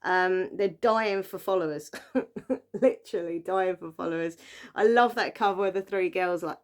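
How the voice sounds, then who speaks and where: A woman's voice: lowish voice, moderate pace. A young woman chatting casually about books she bought, rambling with plenty of fillers. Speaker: book vlogger. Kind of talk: casual book haul chat.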